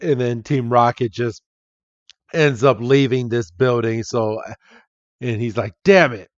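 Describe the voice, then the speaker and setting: A man's voice: mid-range voice, steady tone, no room sound, lo-fi sound. A man co-hosting a podcast, casually recapping an episode and acting out the characters' lines. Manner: slow retelling with acted-out quotes. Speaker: podcast co-host.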